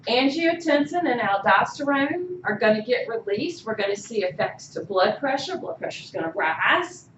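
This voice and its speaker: Lecturing in a classroom, a woman college instructor talks at a moderate pace in a fairly high voice, animated and constantly asking "okay?" while posing questions to students. Slight background noise accompanies an echoey, muffled recording where she sounds far away.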